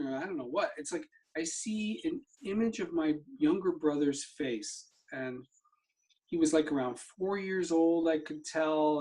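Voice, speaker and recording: A man's voice: a little high, dark tone. A middle-aged man, a therapy practitioner, telling a personal story in conversation and acting out the dialogue he remembers. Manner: vivid storyteller who acts out remembered dialogue. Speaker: somatic therapy practitioner, guest.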